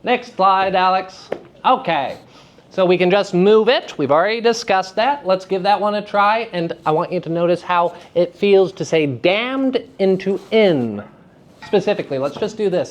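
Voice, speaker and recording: A man teaching a class of young actors, lively and enthusiastic, often checking in with questions to his students. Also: high-pitched, normal speed. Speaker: theater teacher giving a lecture. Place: school hall with student audience.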